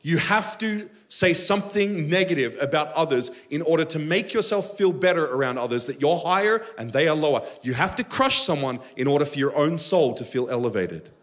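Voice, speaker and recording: A man's voice: on the high side, brisk, hardly any pauses. A man preaching a sermon at a live church service, telling stories with humor and acting out voices. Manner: animated, humorous storytelling with impressions. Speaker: pastor.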